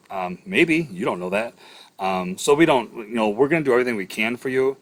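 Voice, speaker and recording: A man's voice: fairly low pitch, lively intonation, fairly quick. A middle-aged man teaching EMS communication in a casual lecture, full of ums and uhs, with stories from the job. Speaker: EMS instructor.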